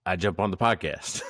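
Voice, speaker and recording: A man co-hosting a podcast, telling a story in a casual, animated way, acting out what people said and laughing often. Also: on the low side, slightly rough, no echo, studio quality. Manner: animated, acts out quotes, laughs often, swears. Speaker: podcast co-host.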